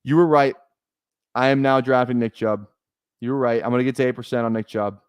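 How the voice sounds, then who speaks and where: A young man chats casually on a live stream, thinking aloud and often restarting his sentences. His voice sits at an average pitch. The recording is dry and close, with no room echo. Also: fairly even intonation, brisk, clear, resonant tone. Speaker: fantasy football streamer.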